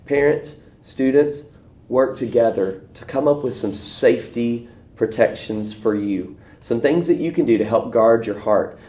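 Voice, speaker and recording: A man teaching a church video lesson, telling folksy stories and acting out voices in a high, excited tone. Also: a little slow. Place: church room. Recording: echoey room.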